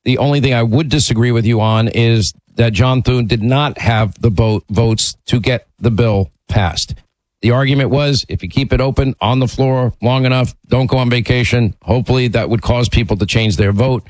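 A man's voice: mid-range voice, normal speed, darkish tone, dry recording, poor audio. Emphatic talk radio host, man. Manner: emphatic, conversational.

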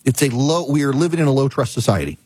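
A man hosting a talk show, telling a story in a ranting, animated way. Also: medium pitch, fast talker, no room sound. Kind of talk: casual monologue.

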